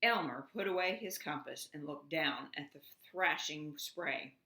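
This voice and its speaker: A preschool teacher reading a storybook aloud to children, slow and expressive. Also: female voice, sits low. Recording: echoey room.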